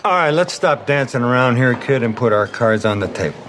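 An actor playing a stern police detective father, speaking slowly and deliberately to intimidate, in a TV drama clip with background noise. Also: mid-range voice, lively intonation, a bit bright, close to an everyday voice. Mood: threatening. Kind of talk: TV drama acting.

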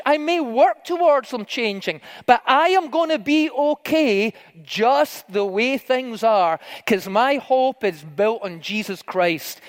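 A middle-aged man preaching a sermon, telling stories conversationally with fillers and rising to emphatic pleas. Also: high-pitched. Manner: conversational storytelling with fillers, swinging to emphatic pleading. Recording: long hall reverb.

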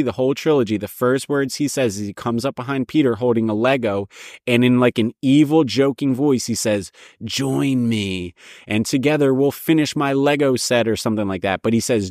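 A man's voice: mid-range voice, a little mellow, no room sound, studio quality. A man hosting a show, talking in a casual monologue that rambles and repeats points with frequent restarts. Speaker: show host.

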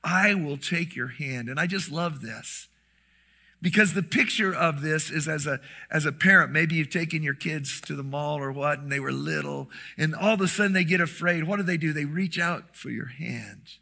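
A pastor preaching an impassioned sermon, swinging from shouts to hushed whispers. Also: male voice, on the high side, moderate pace, gravelly.

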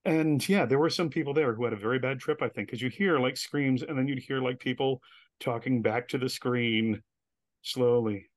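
A man speaking in a medium-pitched voice, telling stories with lively energy and slipping into other people's voices as he quotes them. His voice is recorded close and dry, with no room echo. He sounds like a guest in a casual interview. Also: moderate pace. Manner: animated storyteller who acts out quoted voices.

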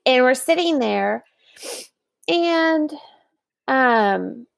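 Woman in her thirties, a little high, gravelly fry, dry close sound, casual storytelling. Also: very slow, no room sound. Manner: animated storyteller, acts out quoted voices. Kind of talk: casual chat, telling a dating story.

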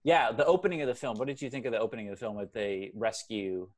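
A man's voice: medium pitch, fast. A young man in his twenties, co-hosting a casual movie podcast, rambling and correcting himself as he talks. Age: 20s. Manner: rambling, self-correcting, chatty. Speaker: podcast co-host.

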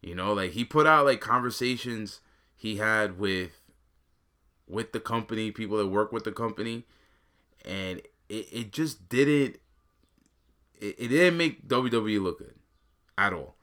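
Bright-voiced man chatting loosely. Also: lowish voice, a little slow, long pauses. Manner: loose, slangy, rambling with many fillers. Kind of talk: casual chat.

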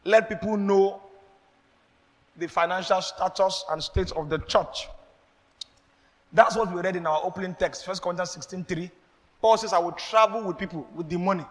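A man preaching a sermon as pastor, animated, acting out exchanges and laughing as he speaks. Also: high voice, moderate pace, long pauses, long reverb tail.

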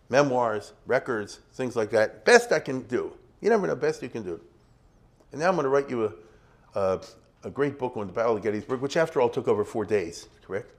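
A middle-aged man giving a casual history lecture, keeps checking in with his students and acting out small examples. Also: mid-range voice. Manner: conversational, checks in with "you see?" and "you get it?".

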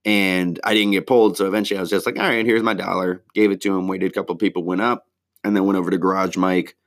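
A man's voice: low-pitched, little pitch movement, fast. A stand-up comedian, a man, casually recapping his week in a rambling, laid-back way, swearing freely and using slang.

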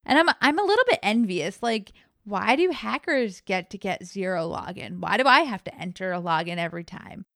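A woman's voice: medium pitch, animated, normal speed, creaky, a bit bright, dry recording, studio quality. A woman co-hosting a casual tech podcast, playful and teasing, giggling between lines. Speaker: podcast co-host.

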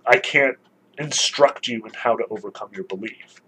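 A man doing a gentle old monk. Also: on the low side, moderate pace, slight background noise, pitched below the performer's own voice, poor audio.

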